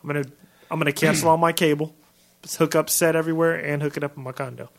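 A man's voice: fairly high pitch, fairly even intonation, fast talker, creaky. A laid-back man co-hosting a casual podcast chat who says "man" a lot and laughs easily. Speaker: podcast co-host.

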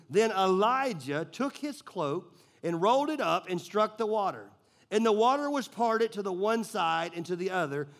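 A man with a notably high speaking voice delivers a sermon. He talks loosely and conversationally, full of "like" and restarts, as if chatting with friends while preaching. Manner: casual, conversational storytelling with many fillers. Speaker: pastor.

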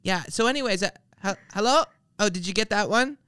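Brisk and smooth, the man's voice sits high in a dry recording. He's a podcast host who rants through comic stories in casual talk, swearing without restraint. An animated storyteller, he imitates the characters in his anecdotes.

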